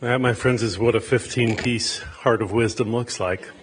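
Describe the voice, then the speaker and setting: A man leads a funeral service in a chapel. He chants a memorial prayer in slow, drawn-out phrases, then speaks the liturgy in a solemn, measured way. His voice sits at a middle pitch. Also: fairly even intonation, slight background noise, low-quality recording. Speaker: funeral officiant.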